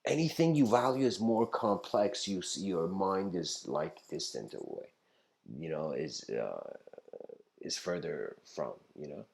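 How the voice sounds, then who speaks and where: A man's voice: sits low, lively intonation, a little slow, gravelly, a little mellow. A man giving an informal philosophy lecture, rambling and laughing often, acting out the voices in his stories.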